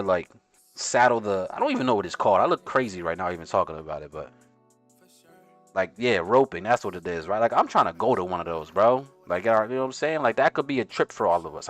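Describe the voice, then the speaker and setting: A man's voice: fairly low pitch, fairly bright tone. A man with a New York accent, hosting a casual day-trading livestream, talking in loose slang and getting hyped. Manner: hyped, slangy, sings along to music. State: out of breath. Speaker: livestream host, day trader. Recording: faint music playing behind.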